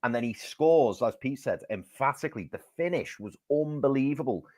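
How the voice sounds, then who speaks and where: Animated man retelling a match. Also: medium pitch, normal speed, no echo. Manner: animated storyteller, acts out quotes. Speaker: fan podcast panelist. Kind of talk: excited football fan chat.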